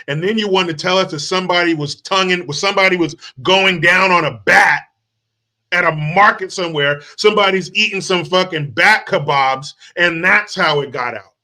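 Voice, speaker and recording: A man's voice: high-pitched, sharp tone. A man from the United States hosting a commentary show, ranting with sarcastic, crude, combative talk. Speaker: commentary channel host.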